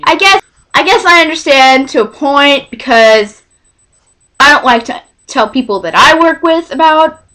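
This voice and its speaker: Young texan girl vlogging a story, super animated voice that swoops up and down, keeps tripping over her words. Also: high-pitched, unhurried. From Texas. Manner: rambling, self-interrupting, excitable. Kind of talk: storytime vlog.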